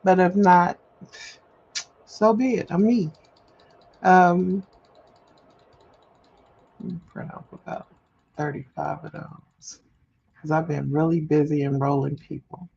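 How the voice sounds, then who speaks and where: A woman speaks slowly with a gravelly, creaky edge, venting candidly and circling back on her points. Her livestream audio is slightly dull, with a faint hum underneath. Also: deep voice, fairly even intonation, darkish tone. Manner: candid, rambling, emphatic repetition. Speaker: livestream host. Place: at home, printing paperwork.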